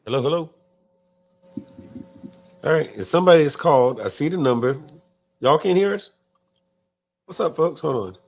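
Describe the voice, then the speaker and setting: A man's voice: fairly high pitch, lively intonation, moderate pace, pauses often. A man hosting a live talk show in casual chat, reading viewer comments aloud and often stumbling and restarting his words. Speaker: podcast host.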